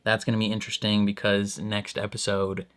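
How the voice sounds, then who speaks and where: A man's voice: lowish voice, completely flat delivery, fairly quick, fairly bright tone, clean tone. A man giving casual reaction commentary on a show, rambling and full of fillers, often laughing. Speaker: reaction video host.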